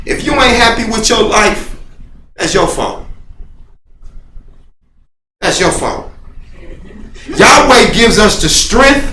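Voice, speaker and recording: A man teaching a Bible class, talking casually and swinging from loud scolding to quiet, confessional asides. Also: high-pitched, slight background noise. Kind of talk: preaching to a small congregation. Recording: roomy echo with faint ambience.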